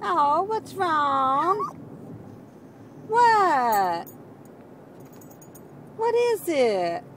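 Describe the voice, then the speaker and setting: Very high-voiced woman cooing to her dog. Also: very animated, very slow, a bit bright. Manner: soothing, cooing baby talk to a pet. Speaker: dog owner. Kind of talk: home video, talking to her dog. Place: inside a car. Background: faint car hum and a whining dog.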